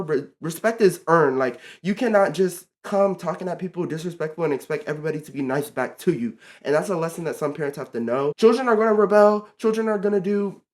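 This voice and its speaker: A young man in his teens telling a storytime vlog in a casual, animated, exasperated way, full of fillers like "like" and "bro". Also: high-pitched. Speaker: vlogger.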